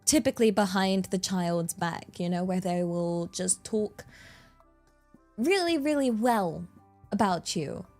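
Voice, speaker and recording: A woman's voice: medium pitch, animated, takes it slowly, a little mellow, soft background music. Rambling woman streamer, giggly. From England. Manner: chatty, rambling, laughs often. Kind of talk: casual chat.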